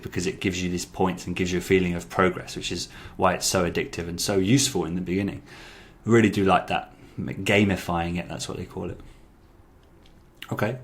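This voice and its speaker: A low-voiced man talks casually through an app review, chatty and full of fillers. He repeats lines aloud before commenting on them. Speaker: language-learning YouTuber.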